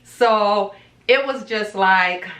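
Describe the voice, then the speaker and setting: Talking very slowly in a roomy space, a woman with a medium-pitched, slightly bright voice tells viewers her own story. The vlogger keeps it casual, chatty, and dramatic, acting out the quoted voices.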